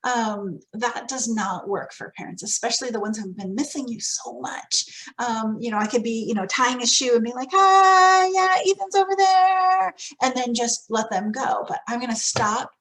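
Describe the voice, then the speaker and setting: A woman's voice: a little high, fairly even intonation, moderate pace, fairly bright tone, low-quality recording. A woman training early childhood teachers, giving practical advice in a conversational way. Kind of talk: professional development talk.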